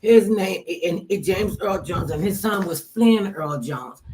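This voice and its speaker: A woman radio host telling a lively personal story in casual chat, with loud outbursts and quoted asides. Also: mid-range voice, measured pace, background noise.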